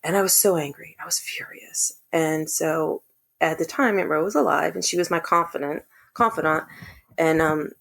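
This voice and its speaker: A woman's voice: deep voice, moderate pace, vocal fry. A woman guest earnestly telling a personal family story in casual conversation. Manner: earnest, animated when quoting others. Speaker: podcast guest.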